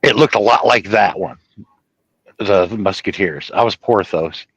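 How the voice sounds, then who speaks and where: A man telling a personal story in a rambling, profane, animated way, laughing at his own tale. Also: on the low side, unhurried, breathy edge, no room sound, poor audio.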